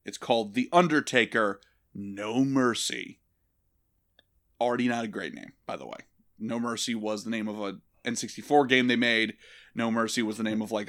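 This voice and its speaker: A man's voice: mid-range voice, fairly quick. A man hosting a casual comedy podcast, telling a story with lots of swearing, laughter and put-on voices. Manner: animated, profane, laughing storyteller.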